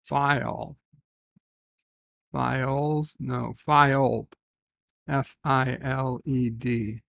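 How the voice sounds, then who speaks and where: A man hosting a casual livestream from his bedroom, reading viewer comments aloud and thinking out loud as he goes. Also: mid-range voice, level tone, drawn-out words, vocal fry, no echo. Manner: rambling, reads chat aloud, thinks out loud. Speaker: live stream host.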